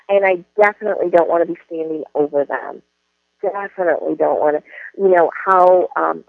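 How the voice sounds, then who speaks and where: A woman's voice: deep voice, creaky, dry recording. A woman trainer giving a webinar talk, rambling with many fillers and restarts. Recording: dull lo-fi online audio.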